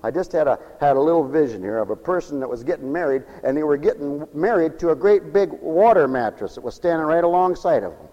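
A man preaching a folksy, animated radio sermon with humorous asides. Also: fairly high pitch, quick pace, hardly any pauses, in a large hall, muffled recording.

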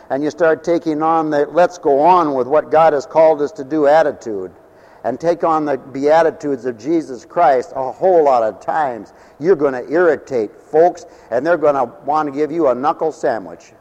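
A man preaching a sermon as pastor, swinging between loud declarations and hushed, low storytelling. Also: normal speed, big-room sound, rough recording.

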